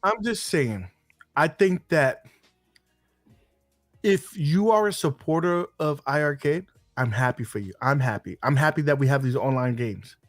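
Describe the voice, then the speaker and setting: A man co-hosting a casual gaming podcast, joking and swearing through animated banter. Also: a little high, unhurried, dry recording, clean studio sound, faint music behind. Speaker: podcast co-host.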